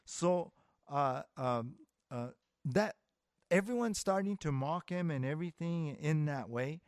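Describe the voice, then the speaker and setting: A man's voice: fairly high pitch, lively intonation, unhurried, darkish tone, dry recording, studio quality. A man preaching a sermon as pastor, in a conversational way that acts out the voices he quotes. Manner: conversational, with filler words and restarts, acting out quoted voices.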